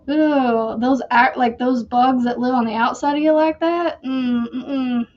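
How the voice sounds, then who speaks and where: A woman's voice: high-pitched, darkish tone, dull audio. A woman hosting a crochet channel, chatting casually and rambling while she works. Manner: slow, rambling, chatty with fillers.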